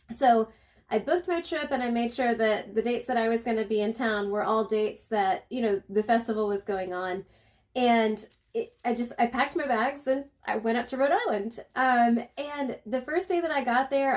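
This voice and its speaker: A chatty woman with a light Southern accent tells her travel story in a rambling, friendly way. Her voice sits a little high, and she trips over words and restarts sentences as she goes. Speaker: travel vlogger. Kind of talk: casual storytelling.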